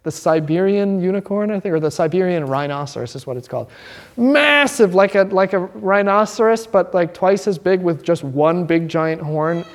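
A high-voiced male pastor leads an informal Bible class. His delivery is animated and joking, and his pitch rises and falls freely. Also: moderate pace.

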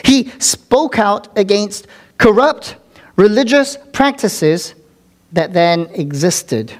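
A man's voice: high voice, animated, takes it slowly. A male pastor preaching a sermon with dramatic delivery, repeating words for emphasis and dropping into whispers. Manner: repeats words for emphasis, occasional filler ums.

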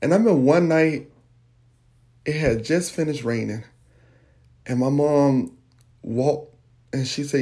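A man's voice: on the high side, a little slow, pauses often, warm tone. A man, hosting a podcast and candidly telling a personal story straight to his listeners. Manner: candid, addresses listeners directly. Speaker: podcast host.

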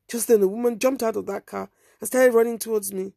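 A woman narrating a first-person story in a quiet, subdued, measured way. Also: a little high, fairly even intonation, vocal fry, no room sound, clean studio sound.

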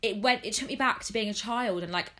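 A chatty young woman hosting a casual podcast with a friend. Her voice is bright and clear, and her pitch sits in a middle range. She rambles on, stringing her thoughts together with constant "like"s. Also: a little fast. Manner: chatty, rambling, heavy use of "like". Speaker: podcast host.

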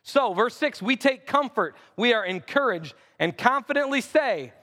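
A man with a strikingly high voice preaches from a church stage, his words ringing out through a long hall reverb. He reads scripture in a steady cadence and builds with urgency as he presses each point. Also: normal speed. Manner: preaching with rising intensity and scripture reading. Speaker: pastor. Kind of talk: sermon. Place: church sanctuary.

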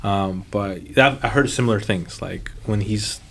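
Rambling low-voiced man chatting sports. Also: unhurried, gravelly, a bit bright, a little hiss or hum. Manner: rambling, many fillers and restarts. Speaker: podcast host. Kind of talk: casual sports chat.

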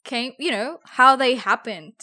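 Woman, podcast co-host, curious, asks questions, higher voice, slow unhurried pace. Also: sharp tone. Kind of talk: casual chat.

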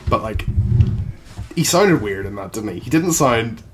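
A man's voice: medium pitch, animated, a little slow, noisy background. A man co-hosting a casual podcast chat. He is blunt and rambling, with lots of filler words and the odd swear. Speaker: podcast co-host. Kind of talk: casual chat about games and films.

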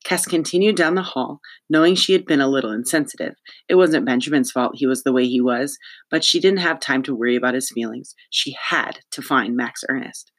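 Steady audiobook narrator reading a story. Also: mid-range voice, brisk. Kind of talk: scripted narration.

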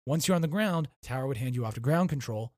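A man's voice: mid-range voice, lively intonation, quick pace, a little mellow, dry recording, studio quality. A man in casual chat explaining a technical process, swearing freely, restarting and correcting himself as he goes. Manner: acts out radio calls while explaining.

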